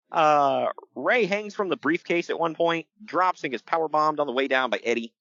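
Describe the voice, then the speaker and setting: A man chatting casually on a podcast about wrestling, laughing often and acting out quotes in a high voice. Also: fairly quick, bright, forceful tone, no echo, muffled recording. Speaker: podcast host.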